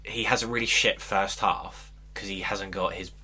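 Male podcast co-host, bright voice, rambling storyteller in casual chat. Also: on the low side, steady tone, moderate pace, a little hiss or hum. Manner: rambling storyteller, acts out quotes.

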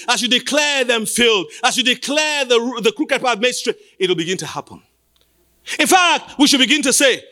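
High, lively, bright-voiced male preacher. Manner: emphatic, repeats phrases, rises to shouts. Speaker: pastor. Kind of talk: sermon.

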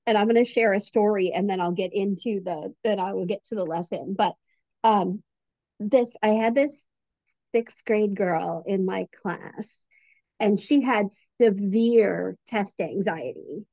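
A woman guest who is a teacher, telling a story in a relaxed, conversational interview. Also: mid-range voice, a little slow, dry recording. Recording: dull lo-fi remote audio.

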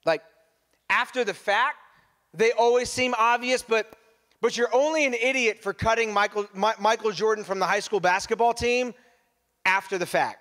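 Male pastor with a higher voice, preaching in a laid-back conversational way. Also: moderate pace, bright, forceful tone. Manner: casual, conversational preaching with repeated restarts. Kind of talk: sermon.

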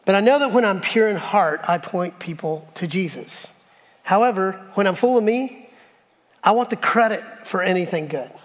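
A man's voice: high-pitched, animated, moderate pace. A middle-aged male pastor preaching a sermon, telling personal stories in a conversational, self-deprecating way and acting out the dialogue. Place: church sanctuary. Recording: long hall reverb.

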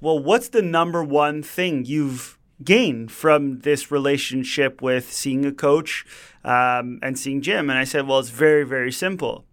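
A man talking through an idea on a podcast with open enthusiasm. His voice sits a little higher than most men's, and he speaks in easy, conversational phrases. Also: a bit bright. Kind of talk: casual conversation.

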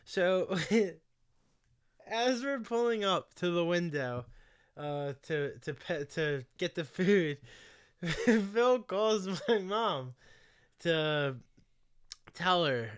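A man's voice: sits high, expressive, drawn-out words, long pauses, smooth. A man co-hosting a casual podcast, telling a funny story and cracking himself up. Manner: laughs through his own story, breaks into loud impressions. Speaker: podcast co-host.

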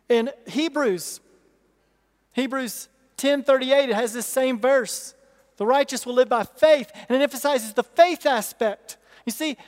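High-voiced man preaching in a reverberant hall. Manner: emphatic preaching with repetition and rhetorical questions. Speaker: pastor. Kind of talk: sermon. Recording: long reverb of a large hall.

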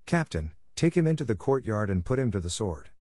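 A man voicing a kindly, honorable older lord who speaks in a grave, measured way. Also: on the low side, very animated, darkish tone, dry recording, studio quality.

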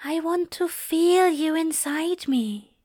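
A woman voicing an earnest, gentle male angel in an audiobook reading, with a soft, breathy, raised voice. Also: very high-pitched, takes it slowly, no echo, clean studio sound, pitched above the performer's own voice. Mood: earnest, tender.

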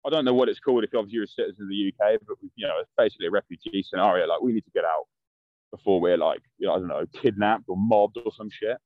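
A man's voice: lowish voice, rapid-fire, dry recording, narrow, tinny audio. A young man telling stories in casual chat, blunt and full of swearing, acting out what people said. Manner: blunt, swears a lot, acts out quotes. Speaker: guest. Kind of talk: casual storytelling.

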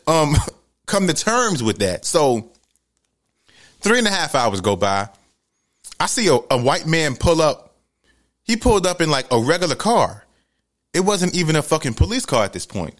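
A man telling a story in a loud, lively, profane style. His pitch swings widely. He often jumps into sudden shouts. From New York City.

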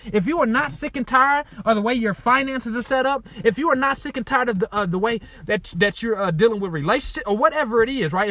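A man with a high, bright voice delivers a punchy motivational talk. He repeats his lines, peppers them with "right?" and "y'all", and swings from quiet earnestness to loud urging. The sound is close and dry, with no room echo. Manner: repetitive, punchy, keeps asking "right?" and saying "y'all". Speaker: motivational speaker and author.

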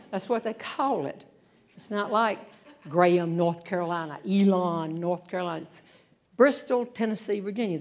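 A woman telling comic stories on a theater stage, acting out the voices. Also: medium pitch. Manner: animated, acts out voices, laughs along. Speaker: humorist and storyteller. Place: theater stage before a live audience.

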